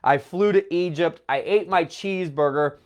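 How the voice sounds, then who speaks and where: A young man tells a personal travel story straight to the camera in a loose, rambling way, stacking fillers as he goes. His voice sits a bit high for a man and sounds slightly tearful, with a runny nose. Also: normal speed. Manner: rambling, filler-heavy, emotional retelling. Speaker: travel vlogger.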